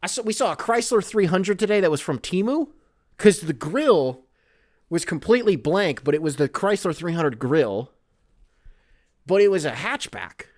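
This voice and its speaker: A male podcast host in his thirties with a somewhat high, lively voice that bounces all over as he rambles. The talk is casual, comic, and peppered with swearing. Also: moderate pace. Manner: animated, profane, rambling. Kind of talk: casual comedic monologue.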